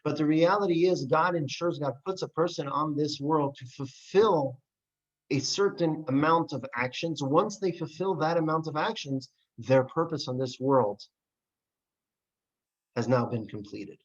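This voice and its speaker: A man with a fairly high voice lectures to a class, earnest and animated as he reads passages aloud and explains them. The recording sounds dull and lo-fi. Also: unhurried. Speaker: rabbi teaching a class. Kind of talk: classroom lecture on Jewish texts.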